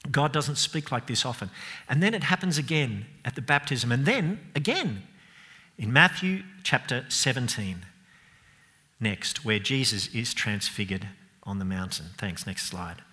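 A man preaching a sermon, expressive and emphatic, asking rhetorical questions and dropping to softer moments. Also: mid-range voice, a little slow. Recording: long hall reverb.

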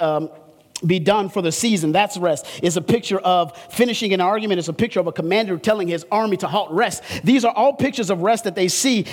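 A man with a notably high-pitched voice delivers a sermon from the pulpit. He swings between soft, low explanation and fervent, climbing refrains. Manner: impassioned preaching, rising in pitch on repeated refrains. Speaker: pastor.

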